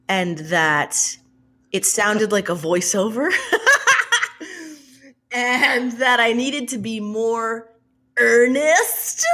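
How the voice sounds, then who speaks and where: A woman author, a guest on a podcast, telling stories in a casual, animated, sweary way and laughing often. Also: fairly high pitch. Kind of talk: casual interview chat.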